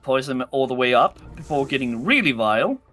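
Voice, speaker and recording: A stream host reads out game events and mutters through their moves. The voice is bright and animated in pitch, and faint game music plays behind. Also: fairly quick. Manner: reads event text, thinks aloud while playing. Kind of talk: casual gaming chat and reading game text aloud.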